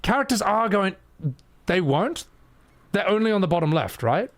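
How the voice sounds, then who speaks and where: A man's voice: high voice, sing-song, normal speed. A young man giving chatty, swearing let's-play commentary while talking to his chat. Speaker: streamer. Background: game music.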